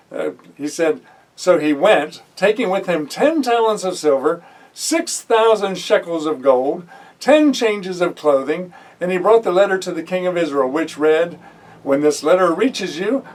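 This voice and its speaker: A Bible teacher with a high-sitting male voice teaches a sermon, reading scripture aloud and then stopping to comment conversationally, with frequent fillers and self-corrections. He is recorded from a distance on low-quality audio.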